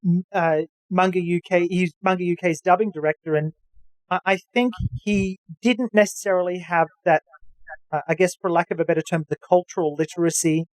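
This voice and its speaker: A man's voice: sits high, fairly even intonation, brisk, dry recording, low-quality recording. A man hosting a podcast, chatting knowledgeably with lots of fillers and restarts. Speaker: podcast host. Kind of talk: casual chat.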